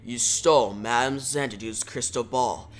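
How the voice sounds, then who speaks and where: A man's voice: mid-range voice, measured pace, pitched below the performer's own voice, close to an everyday voice. A man voicing a stern, disapproving male wandering spirit who delivers grave accusations in a comic reading.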